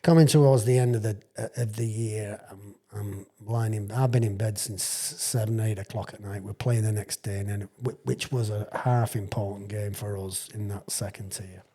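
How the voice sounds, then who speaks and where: A man's voice: fairly low pitch, fairly even intonation, moderate pace, hardly any pauses, mellow, breathy edge. A man around sixty, a retired rugby league player telling rambling, chuckling stories as a podcast guest. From England. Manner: rambling, chuckling storyteller with frequent restarts. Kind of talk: casual storytelling anecdote.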